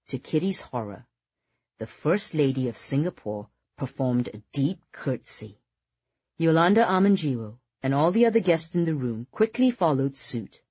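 A woman with a low, husky voice reads a novel in a measured, descriptive way. The sound is close and dry, with slightly dull audio. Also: a little mellow, dry recording. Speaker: audiobook narrator. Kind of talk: scripted narration.

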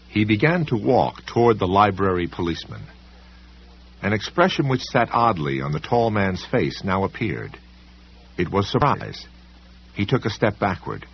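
A man's voice: fairly low pitch, slightly rough. A man narrating a story aloud with dramatic, varied delivery. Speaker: audiobook narrator. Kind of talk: scripted narration. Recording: dull lo-fi recording.

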